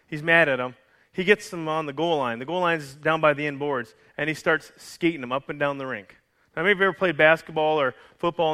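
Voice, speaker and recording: Bright-voiced man preaching a sermon. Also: fairly high pitch, clear, resonant tone. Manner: conversational storytelling, many restarts, jokes with the congregation. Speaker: pastor. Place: church.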